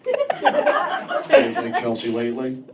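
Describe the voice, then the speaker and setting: A man's voice: mid-range voice, wildly swooping pitch, slow pace. An American man doing a live stand-up set in a comedy club, rambling and jumping between thoughts as he talks straight to the crowd. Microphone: handheld mic, recorded from a distance. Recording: distant, very noisy live club recording. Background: audience laughter.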